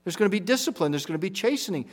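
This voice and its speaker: A man preaching an expository sermon, walking through verses with emphatic repetition and sharp swings in loudness. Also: high voice, expressive, racing. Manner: emphatic, repeats key phrases, rises and drops in volume.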